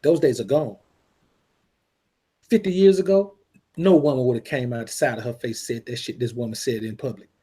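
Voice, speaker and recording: A man's voice: medium pitch, moderate pace, long pauses, warm tone, husky. A man co-hosting a podcast, talking bluntly and profanely in a lecturing way. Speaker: podcast co-host. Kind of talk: casual podcast talk.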